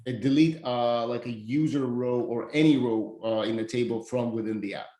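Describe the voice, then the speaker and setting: Mellow-voiced man in an echoey room. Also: mid-range voice, moderate pace. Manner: joking, stammering restarts. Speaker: app co-founder. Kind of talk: casual work chat.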